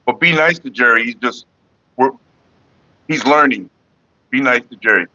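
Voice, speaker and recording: A man's voice: medium pitch, moderate pace, pushed and bright, dull audio. A man hosting his own casual vlog, rambling and joking loosely with his viewers. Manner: loose, joking, talks to viewers and chat by name. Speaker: vlogger hosting a smoking session.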